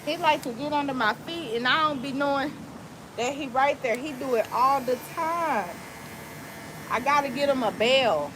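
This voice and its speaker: A woman's voice: high-pitched, moderate pace. A woman barber chatting playfully with viewers and her dog while cutting hair, talking into a phone outdoors. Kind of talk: casual live-stream chat while cutting hair. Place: outdoor deck, windy. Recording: outdoor wind and ambient noise.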